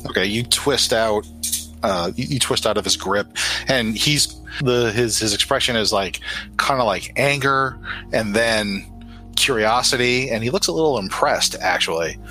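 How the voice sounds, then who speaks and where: A man runs a tabletop role-playing game as game master, with a bright voice. His narration is loose and full of fillers. Faint music plays underneath. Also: lowish voice, normal speed, rough recording.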